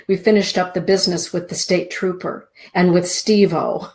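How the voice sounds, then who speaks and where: A middle-aged woman hosting a spiritual talk show. She tells a heartfelt personal story and teaches in a gentle, earnest way, often dropping to a soft hush. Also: fairly low pitch, steady tone, moderate pace.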